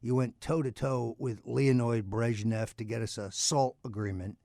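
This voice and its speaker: A man hosting a talk radio show, speaking haltingly with many uh's and grand flourishes. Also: medium pitch, fairly even intonation, vocal fry, warm tone, no echo, studio quality. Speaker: radio host.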